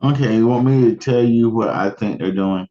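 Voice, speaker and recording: Man, podcast co-host, offhand deadpan delivery, dull lo-fi mic. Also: on the low side, moderate pace. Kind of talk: casual chat.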